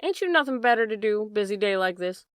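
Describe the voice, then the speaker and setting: A woman reading an audiobook, voicing a sharp-tongued innkeeper's wife who scolds in rustic dialect. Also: mid-range voice, animated, quick pace, smooth, dry recording, clean studio sound, close to an everyday voice. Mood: scolding.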